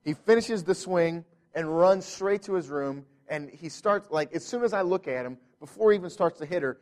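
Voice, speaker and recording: A pastor in his thirties delivers a sermon, a bit higher-voiced than most men. He tells a story from home in an earnest way, often restarting his sentences. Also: animated, moderate pace, darkish tone.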